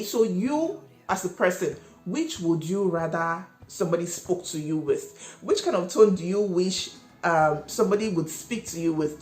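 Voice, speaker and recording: A woman with a fairly low voice coaches small business owners, stressing and repeating her points. She sounds like she is in an echoey room, with faint music in the background. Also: a little mellow. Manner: emphatic, repeats key points, asks viewers questions. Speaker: cake business owner and channel host. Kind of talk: instructional vlog talk.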